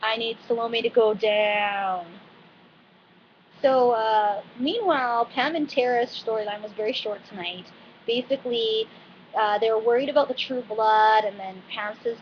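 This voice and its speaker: A woman's voice: fairly high pitch, normal speed. Chatty woman recapping a TV episode. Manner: chatty and animated, with frequent fillers. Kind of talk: casual TV recap monologue. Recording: dull lo-fi recording with faint noise.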